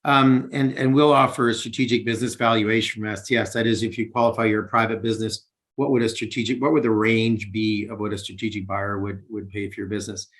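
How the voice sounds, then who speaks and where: A man's voice: on the low side, steady tone, quick pace, a bit bright. A man presenting on a video call webinar, earnest and full of restarts and fillers, with an accent that is not British. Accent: non-British. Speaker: investment banker presenting.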